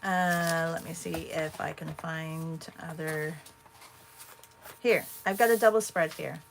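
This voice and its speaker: A woman with a gravelly, fry-tinged voice chats her way through a painting livestream. She thinks out loud and answers viewers between strokes. A faint hiss sits under her voice. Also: sits low, fairly even intonation, slow pace. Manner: chatty, thinks aloud and answers viewers' comments. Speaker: art livestream host. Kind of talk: casual livestream chat while painting.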